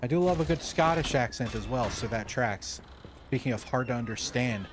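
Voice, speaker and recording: A man's voice: mid-range voice, expressive, moderate pace, background noise. A man from the Southern United States streaming a video game and chatting casually, exclaiming at the game and often restarting his sentences. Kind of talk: casual gaming stream chat.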